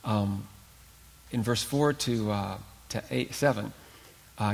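A man preaching a sermon as pastor, earnest and emphatic, with dramatic pauses. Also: lowish voice, creaky, big-room sound.

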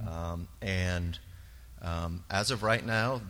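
A man sharing a personal testimony in church, earnest and halting, with many pauses and fillers. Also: deep voice, a bit bright. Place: church sanctuary. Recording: long reverb of a large hall.

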